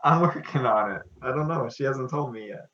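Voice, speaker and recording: A man's voice: mid-range voice, fairly quick, sharp tone, echoey room, distant mic. Easygoing male player on a dull mic. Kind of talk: casual tabletop play.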